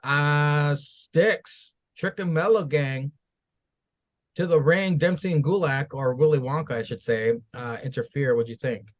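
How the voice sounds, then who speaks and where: A man's voice: a little high, unhurried. A man co-hosting a wrestling podcast, recapping the events and cursing as he jokes about them. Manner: recaps events, then swears and laughs at them. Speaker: podcast co-host. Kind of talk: reading and joking through a wrestling recap.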